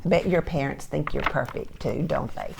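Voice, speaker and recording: Older storyteller woman, retired teacher type; gentle picture-book reading, low gravelly voice. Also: normal speed, a little hiss or hum. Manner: gentle, asks listeners soft questions.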